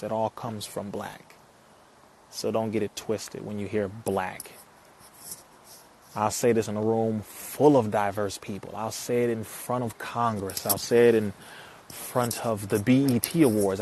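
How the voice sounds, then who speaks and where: A man's voice: fairly low pitch, little pitch movement, measured pace, darkish tone, slight background noise. A man talking to viewers on a live stream, reading their comments and answering them, preachy and emphatic, repeating his points. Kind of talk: casual live stream talk.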